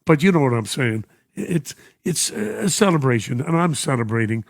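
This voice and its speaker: A man's voice: on the high side, sing-song, moderate pace, creaky, no echo, studio quality. An older man with a New York accent, hosting a radio show and reading listener messages, emotional and chuckling often. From United States. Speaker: radio host. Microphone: studio microphone.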